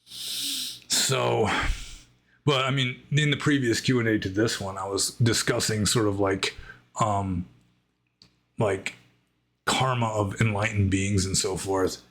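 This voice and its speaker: A Buddhist monk answering viewer questions in a casual monologue, thinking aloud and rambling with frequent "I mean" asides. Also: male voice, lowish voice, takes it slowly, pauses often, a bit bright.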